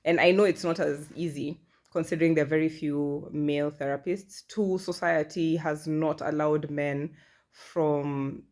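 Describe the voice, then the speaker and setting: A woman's voice: sits low, fairly even intonation, a little slow, a little mellow. A woman in her thirties talking candidly in a personal vlog, chatty and self-deprecating. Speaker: vlogger.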